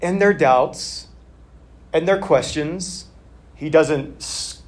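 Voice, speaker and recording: A man's voice: fairly high pitch, slow. A male pastor giving a conversational sermon in a church, talking plainly with casual fillers.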